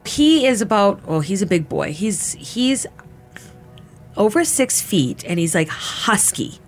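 A woman being interviewed recounts her assault in an emotional personal testimony, talking casually with lots of filler and acting out what people said. Her medium-pitched voice is very animated, her pace is slow, and faint music plays in the background.

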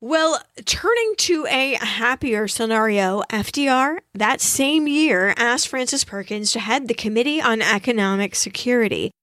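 A woman co-hosting a casual history podcast, telling the story with expressive asides. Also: on the high side, a little slow, few pauses, no room sound, studio quality. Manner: expressive storyteller, reads quotes aloud. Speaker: podcast co-host.

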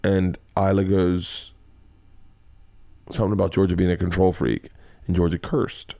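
A man's voice: deep voice, moderate pace, creaky, no room sound. A middle-aged man telling family stories in a casual chat, swearing freely and acting out his kids' voices. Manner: animated, profane, acts out family voices. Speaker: podcast guest, husband.

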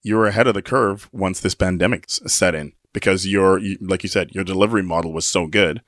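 A man's voice: sits low, brisk, a bit bright, no room sound, clean studio sound. A man hosting an interview, asking long, meandering questions. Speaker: show host.

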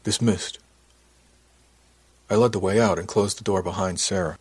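A man's voice: deep voice, steady tone, quick pace, a little mellow, breathy edge. A man narrating an audiobook in the first person with an easygoing, chatty storytelling manner.

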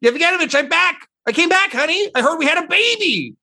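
A man doing a shrill possessing spirit. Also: lively intonation, a little fast, creaky, bright, forceful tone, heavily acted. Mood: breezy. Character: male spirit speaking through a woman.

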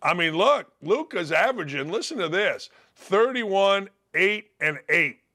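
An older man hosting a sports radio show, ranting bluntly and mockingly, his voice gravelly from days of yelling. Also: sits high, expressive, measured pace. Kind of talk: opinionated sports radio rant.

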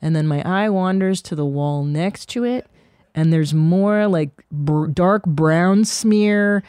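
A woman hosting a comedy podcast, telling rambling, profane anecdotes in a casual, animated way. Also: fairly low pitch, takes it slowly, clear, resonant tone, dry recording.

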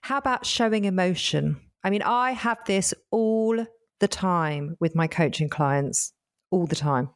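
A woman's voice: lowish voice, animated, unhurried. A woman coach co-hosting a podcast in casual chat, speaking emphatically and summing up points.

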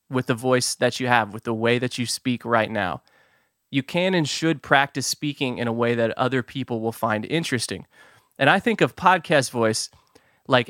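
A man hosting his own podcast, giving advice in an upbeat, quick, self-amused way. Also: mid-range voice, a bit bright, no echo, studio quality. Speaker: podcast host. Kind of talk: solo podcast advice talk.

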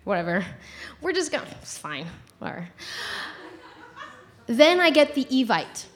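A woman's voice: high-pitched, measured pace, noisy background. A woman telling a comic personal story live, giggling and acting out the voices of others. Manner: animated, giggly, acts out quotes.

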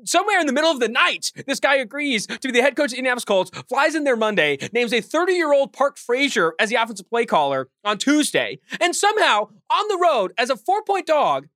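A man co-hosting a sports podcast, his high voice bright and pressing as he rattles off arguments at speed. The sound is close and dry, with no room around it. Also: big pitch swings, dry recording. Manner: fast, heated ranting. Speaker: podcast co-host.

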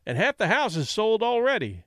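A man's voice: high voice, sing-song, moderate pace, no room sound, studio quality, voice pushed up. A man reading an audiobook, voicing a pushy male fight promoter with an urgent, coaxing manner. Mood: pleading.

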